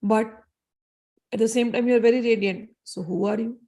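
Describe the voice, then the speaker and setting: A woman's voice: on the high side, steady tone, moderate pace, gravelly, mellow. A woman voicing a male warrior sage who earnestly questions a stranger.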